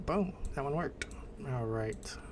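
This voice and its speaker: Man, Indiana accent, livestream host, casual chat, answers chat comments, medium pitch. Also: animated, slow, heavy background noise.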